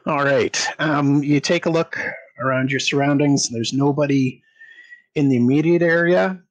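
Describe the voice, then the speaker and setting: A man narrating as game master, describing scenes in an unhurried way with frequent pauses. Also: fairly high pitch, rough recording.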